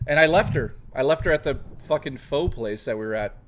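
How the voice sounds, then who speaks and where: A man's voice: mid-range voice, expressive, brisk, a bit bright, slight background noise. A man hosting a live stream, chatting casually with viewers, swearing freely and reading the chat aloud. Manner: profane, playful, reads chat aloud.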